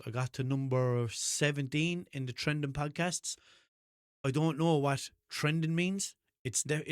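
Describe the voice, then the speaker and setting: Irish host, Limerick accent, loose rambly chat, mid-pitched, dry. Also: male voice, no echo. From Limerick, Ireland. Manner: rambling, swears freely, laughs at himself. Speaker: podcast host. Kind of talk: casual solo podcast chat.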